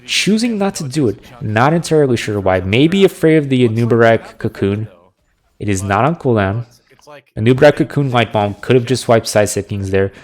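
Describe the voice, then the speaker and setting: A man casting a video game match with live play-by-play, analytical and getting excited on big plays. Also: mid-range voice, moderate pace. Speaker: esports caster.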